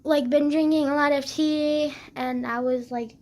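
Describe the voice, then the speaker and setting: Teen girl vlogger, sick and congested, rambling, lots of fillers, high voice. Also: fairly even intonation, a little slow, darkish tone. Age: teens. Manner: rambling, swears casually, filler-heavy. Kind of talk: casual rambling chat.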